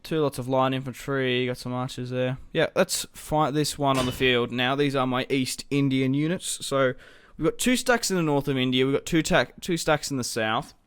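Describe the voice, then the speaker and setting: A man's voice: medium pitch, steady tone, clear, resonant tone. A young man giving casual commentary over a strategy game, thinking aloud as he plans his moves. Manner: thinking aloud, musing and unhurried. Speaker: gaming video host.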